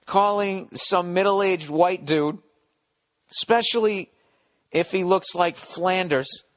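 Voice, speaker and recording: A man's voice: on the high side, a bit bright, no room sound, clean studio sound. Wry, profane male podcast host. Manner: rambling, profane, wry asides. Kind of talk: reading and reacting to a listener letter.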